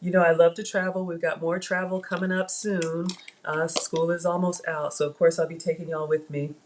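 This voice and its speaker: A woman's voice: on the low side, flat delivery, normal speed, background noise. A middle-aged woman hosting a live cooking stream from her home kitchen, chatting with viewers and calling them y'all. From Africa. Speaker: cooking channel host.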